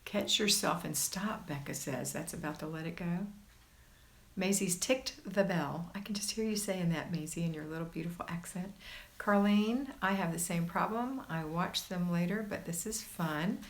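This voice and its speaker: A woman's voice: lowish voice, moderate pace. A woman hosting a casual livestream, reading viewer comments aloud and reassuring her viewers in a chatty way. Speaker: homemaking livestream host.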